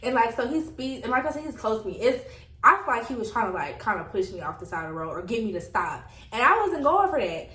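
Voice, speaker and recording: Lively young woman telling a storytime. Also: a little high, quick pace, echoey room, recorded from a distance, rough recording. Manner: animated, laughing often, addresses viewers as y'all. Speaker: vlogger. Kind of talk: casual storytime.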